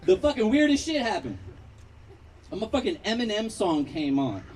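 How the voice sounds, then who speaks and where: A stand-up comedian from Long Beach, California, performs a profane, story-driven set at an outdoor backyard patio show, acting out characters as he goes. His voice sits high with big pitch swings and a darkish tone, and he's unhurried, pausing often. The mic catches him from a distance along with crowd laughter, and the audio is poor.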